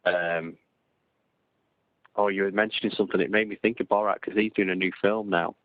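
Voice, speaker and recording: An English podcast co-host with a low, steady voice speaks briskly in a casual live-stream chat, rambling, repeating words, and frequently restarting his sentences. The recording is dry and tinny, like a phone.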